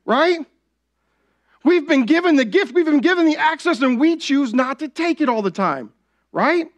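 A man's voice: extremely high pitch, expressive, normal speed. A young adult man preaching a sermon as pastor, talking conversationally and often asking the congregation "right?".

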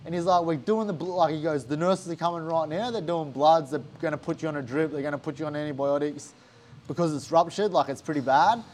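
A man's voice: a little high, quick pace, a little mellow, slight background noise. A young Australian man, a fighter, telling a story in a casual interview, swearing a lot and acting out what others said. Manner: swears a lot, acts out quotes animatedly.

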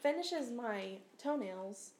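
A woman's voice: a little high, slow pace. Laughing young woman telling a story. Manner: animated storytelling with frequent laughter. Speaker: podcast co-host, nurse. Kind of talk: casual chat, storytelling. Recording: roomy recording with faint noise.

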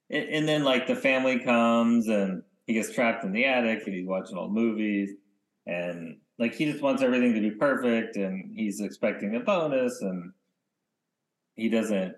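A man co-hosting a podcast in casual chat, rambling and often trailing off into quiet mumbles. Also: mid-range voice. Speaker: podcast co-host.

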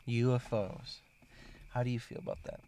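A man's voice: mid-range voice, little pitch movement, moderate pace, dark tone, clean tone. A man interviewing a guest in casual conversation, candid and chatty.

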